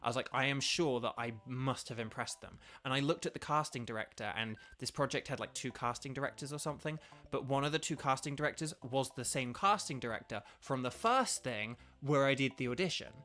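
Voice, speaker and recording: A man's voice: medium pitch, a little fast, pushed and bright. An English man chatting casually while streaming a video game, polite and self-deprecating, rambling with lots of fillers. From England. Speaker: streamer and voice actor. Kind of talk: casual gaming stream chat. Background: faint game music.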